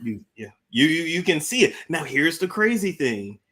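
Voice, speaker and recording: A woman's voice: low voice, very animated, moderate pace, a bit bright. A woman of about thirty, co-hosting a talk show and chatting easily, agreeable and full of fillers. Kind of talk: casual chat.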